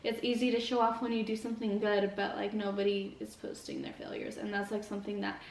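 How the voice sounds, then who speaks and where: A woman's voice: mid-range voice, very animated, a little fast, gravelly. A young woman vlogging while eating, talking earnestly and rambling with lots of "like". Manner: rambling, heavy use of "like", earnest. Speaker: mukbang vlogger. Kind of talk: casual motivational chat while eating. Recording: echoey room, mic at a distance.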